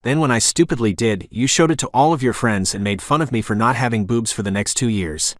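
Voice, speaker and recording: A man's voice: medium pitch, brisk, dry recording, clean studio sound, lightly acted. A man voicing a young woman confronting the man who bullied her, bitter and hurt.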